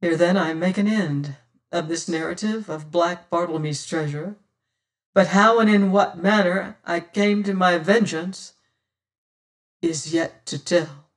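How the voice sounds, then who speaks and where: A male audiobook narrator tells an old-fashioned sea adventure in the first person. His voice sits high for a man, and he takes an unhurried, solemn pace.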